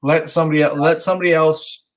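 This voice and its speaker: A man's voice: a little high, little pitch movement, fast talker. A man in his thirties co-hosting a podcast, telling a story animatedly, acting out dialogue and swearing casually. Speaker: podcast co-host, stay-at-home dad.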